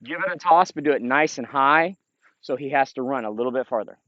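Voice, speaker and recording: A man's voice: mid-range voice, brisk, dry recording, lo-fi sound. A middle-aged man training a retriever outdoors in a field, explaining the drill and calling short upbeat commands to the dog. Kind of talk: outdoor training video with commentary.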